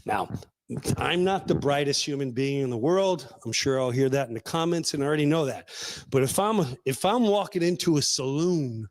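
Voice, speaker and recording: A man with a high-pitched voice holds forth as a show host. He talks in a loud, emphatic way, often raising his voice, and acts out small scenes in the middle of his commentary. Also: expressive, normal speed. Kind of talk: animated political commentary.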